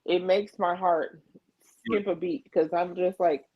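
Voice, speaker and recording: A middle-aged woman speaking slowly in a husky voice, hammering points home by repeating herself. Her words land dry and close, with no room sound. The stream audio is a bit dull and lo-fi, as over a video call. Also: on the low side, steady tone, dry recording. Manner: emphatic, repeats phrases for emphasis. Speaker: livestream co-host. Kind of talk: candid conversation. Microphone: video call mic.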